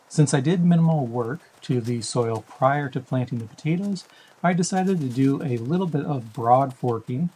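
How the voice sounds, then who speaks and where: Man reading a calm voice-over. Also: medium pitch, husky, poor audio. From Canada. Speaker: backyard farming channel host. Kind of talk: scripted voice-over narration.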